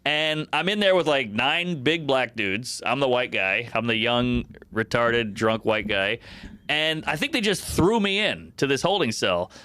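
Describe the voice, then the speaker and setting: A man's voice: medium pitch, animated, measured pace, bright, forceful tone, clear, resonant tone, no room sound. A man from New Orleans in his forties, a comedian telling a wild party story in casual podcast talk, acting out voices and sounds as he goes. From New Orleans, USA. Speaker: comedian guest.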